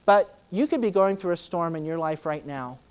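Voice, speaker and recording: A woman preaching a sermon in a conversational way, with many fillers, who acts out Bible scenes with sudden loud, high outbursts. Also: lively intonation, normal speed, clean tone. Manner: dramatic, acting out Bible scenes in shifting voices.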